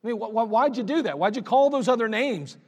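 A man's voice: very high-pitched, animated, fast, darkish tone, voice pushed up, full character voice. A man voicing a puzzled, grateful stranded motorist who asks questions with a slight stammer. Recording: reverberant church hall.

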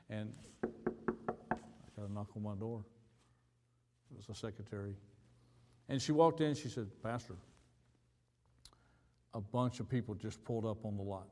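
A male pastor telling a story in a sermon, acting out both sides of a conversation with sudden leaps in pitch. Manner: animated storyteller, acting out dialogue with big pitch jumps. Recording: hall reverb.

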